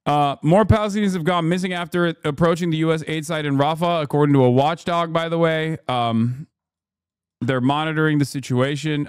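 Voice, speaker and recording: Male streamer in his 30s, casual and rambling with fast read-alouds; slightly high voice, dry sound. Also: clear, resonant tone, no room sound. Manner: loose and chatty with restarts, reads headlines aloud quickly. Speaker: streamer reacting to news. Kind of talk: casual live-stream commentary.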